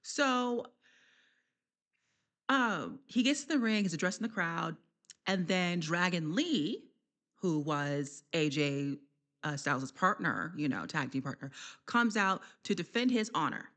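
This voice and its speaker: A woman giving a casual, chatty wrestling recap vlog, laughing often and filling pauses with slang and ums. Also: on the low side, animated, fairly bright tone.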